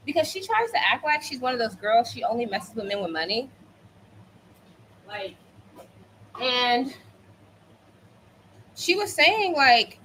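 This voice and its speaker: A woman's voice: sits high, bright, forceful tone, slight background noise, poor audio. A woman in her thirties telling a casual storytime while cooking at home, chatty and full of "like" fillers. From United States. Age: 30s. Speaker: vlogger.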